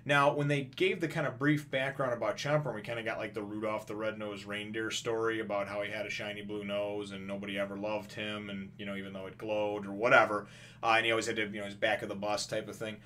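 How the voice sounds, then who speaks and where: A man's voice: on the low side, level tone, fast talker, bright, forceful tone, slight background noise. A man casually recapping a comic chapter, rambling with many fillers and restarts and acting out characters' lines. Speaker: comic reviewer.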